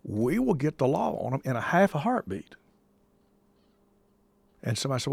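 A man speaks with a gravelly, rough edge, pressing each warning with repetition and folksy turns of phrase. His voice sits dry and close, with little room around it, and his pitch stays mid-range. He sounds like a call-in show host with a preacher's ring. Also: very animated, moderate pace, a little mellow, no room sound. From United States. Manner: emphatic, folksy, repeats himself for stress. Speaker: host taking calls. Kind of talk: casual on-air talk with preacherly touches.

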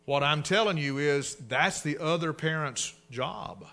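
Forceful preaching man. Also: fairly high pitch, unhurried. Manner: preaching, swinging from hushed asides to loud emphatic bursts. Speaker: pastor. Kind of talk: sermon.

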